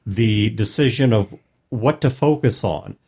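A man with a somewhat low voice talks through storytelling ideas in a thoughtful, explanatory way. His delivery is relaxed and conversational. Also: measured pace, husky. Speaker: podcast co-host. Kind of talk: casual podcast chat.

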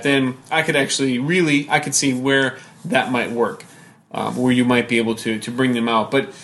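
A man thinking aloud in a halting, reflective way, often restarting his sentences. His voice sits in the middle range. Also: medium pitch, a bit bright. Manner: hesitant, reflective. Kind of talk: casual chat.

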